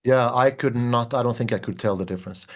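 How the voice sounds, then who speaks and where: A man's voice: medium pitch, fairly quick. A man from Sweden, chatting enthusiastically as a guest composer in a casual conversation. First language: Swedish.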